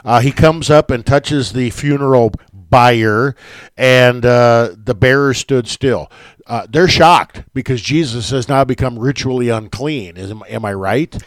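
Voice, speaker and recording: A man's voice: mid-range voice, unhurried, no echo. Conversational man hosting a Bible talk.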